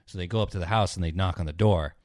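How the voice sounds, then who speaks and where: A young podcast co-host talks rapid-fire in a darkish voice, recorded cleanly in a studio with no room sound. He rambles through stories, swears a lot, and acts out the characters in a low mutter.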